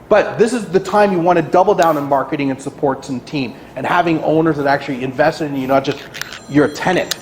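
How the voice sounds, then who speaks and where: A man giving an energetic motivational talk at an office meeting, often asking "right?" and acting out anxious clients in high, quick bursts. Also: a little hiss or hum. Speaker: guest speaker at a realty kickoff meeting. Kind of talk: motivational presentation. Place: meeting room. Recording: echoey room.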